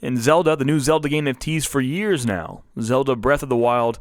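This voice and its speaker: A man's voice: medium pitch, normal speed, no echo, studio quality. A man co-hosting a podcast, chatting casually and laughing often as he runs through gaming news. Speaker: podcast co-host. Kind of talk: casual chat.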